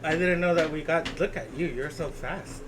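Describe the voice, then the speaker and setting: A man's voice: a little high, normal speed, noisy background. A man live-streaming casually while walking and gaming, playful and teasing, laughing often and slipping into Spanish phrases.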